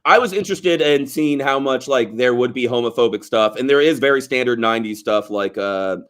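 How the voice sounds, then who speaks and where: A podcast co-host, this man has a medium-pitched, fairly bright voice and talks a little fast. He chats casually in a laid-back, rambling manner and laughs often.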